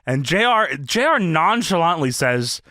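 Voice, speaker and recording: An excitable man recaps old footage for fellow podcasters, laughing often and cursing freely. His voice sits high and swings widely in pitch. The sound is dry and close. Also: measured pace, dry recording. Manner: excitable, laughing, swears freely, narrates events. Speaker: podcast co-host. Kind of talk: casual retro wrestling review chat.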